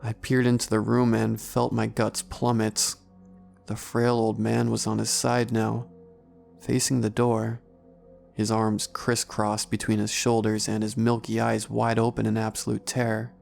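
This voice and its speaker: Guy reading a horror story, gravelly voice, measured, soft music behind. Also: on the low side, monotone. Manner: measured, first-person storytelling. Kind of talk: scripted horror narration.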